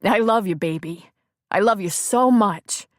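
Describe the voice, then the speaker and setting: A woman narrator voicing a young male Marine calling his wife, warm and teasing. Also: mid-range voice, unhurried, no echo, studio quality, natural voice. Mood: affectionate.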